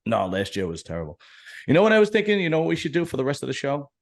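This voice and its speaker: A man's voice: on the high side, wildly swooping pitch, very fast, creaky. A man hosting a casual bodybuilding podcast, joking and swearing, rambling with restarts. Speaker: podcast host.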